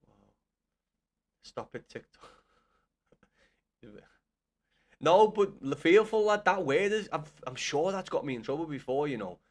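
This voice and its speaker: A young man talks to his viewers on a gaming livestream, his voice sitting a little high for a man. He fires back at his chat with blunt, sweary banter, loose and unscripted. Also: animated, normal speed.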